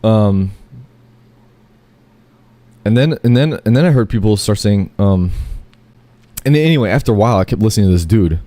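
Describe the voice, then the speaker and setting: A man's voice: lowish voice, animated, moderate pace, long pauses, warm tone, no room sound. A man telling a long, rambling first-person story, full of fillers, self-corrections and casual swearing.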